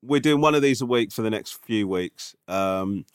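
Man with a lowish voice, frank dry-witted comedian, close dry mic. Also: animated, normal speed, smooth, no room sound. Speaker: comedian and podcast co-host. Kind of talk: casual chat.

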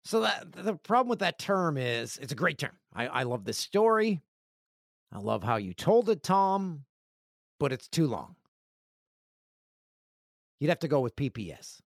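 A man's voice: fairly high pitch, measured pace, vocal fry, long pauses, no echo, clean studio sound. A middle-aged man hosting a casual podcast, reading listener mail aloud and telling self-deprecating, joking stories. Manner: joking, animated storytelling with self-deprecating asides. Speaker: podcast host.

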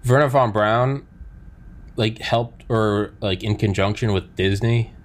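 A man hosting a podcast in casual chat, telling stories in a rambling, excitable way and swearing now and then. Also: fairly low pitch, slow pace. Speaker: podcast host.

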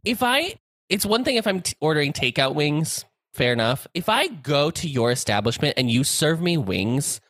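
Man, podcast co-host, exasperated ranting, lively pitch, dry close sound. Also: moderate pace, dry recording. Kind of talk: casual chat.

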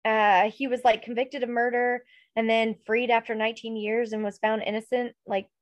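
A woman's voice: on the high side, little pitch movement, normal speed, no room sound, lo-fi sound. A young adult woman co-hosting a casual podcast, chatty and full of "like" and "um". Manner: chatty, filler-heavy with frequent "like". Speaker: podcast co-host. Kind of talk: casual chat.

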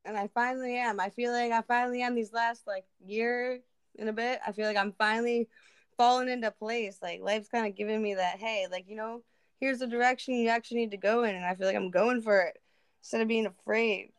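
A woman's voice: on the high side, fairly even intonation, brisk, clear, resonant tone, dry recording. A young woman chatting casually and bluntly, swearing freely and laughing often. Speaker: co-host of a live audio chat. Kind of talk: casual chat.

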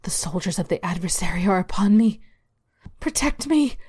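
A woman reading a dark story aloud, voicing a frantic, paranoid woman having a breakdown with desperate pleading. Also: medium pitch, unhurried, voice pushed up, lightly acted. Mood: defiant. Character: frantic deluded woman nurse, mid-breakdown.

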